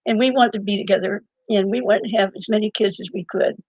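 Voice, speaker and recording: An older woman being interviewed, telling a long personal story in a lively way, laughing now and then and restarting her sentences. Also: medium pitch, fast, husky, no room sound, muffled recording. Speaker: interview guest and author. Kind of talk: conversational storytelling.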